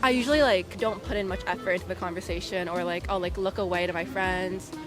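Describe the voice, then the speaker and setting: A woman's voice: lowish voice, fairly even intonation, fast talker. Young woman, hedging interview answers, music underneath. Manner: hesitant, filler-heavy.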